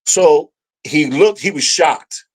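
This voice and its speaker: Man telling a story with lively energy. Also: takes it slowly, low-quality recording. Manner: animated storyteller, voices his past self rising in pitch. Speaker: guest. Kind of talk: casual storytelling.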